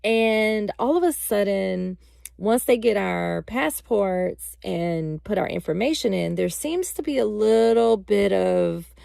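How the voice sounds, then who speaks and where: A woman vlogger tells a personal story in a casual, unhurried way, with a heavily gravelly, fry-laden voice. She talks straight to her viewers, and the sound is close and dry with no room to it. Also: mid-range voice, no echo. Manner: animated, addresses viewers directly.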